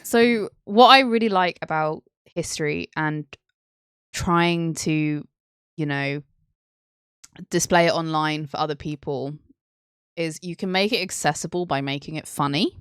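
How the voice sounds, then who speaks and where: A woman's voice: low voice, measured pace, fairly bright tone, clean tone, no echo, studio quality. A woman hosting a casual history stream, rambling, teasing and giggling often.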